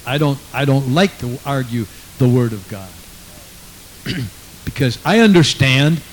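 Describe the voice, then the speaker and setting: A man's voice: mid-range voice, animated, measured pace, slight background noise, low-quality recording. A man preaching a sermon with fervent conviction, reading scripture aloud and repeating his praise phrases.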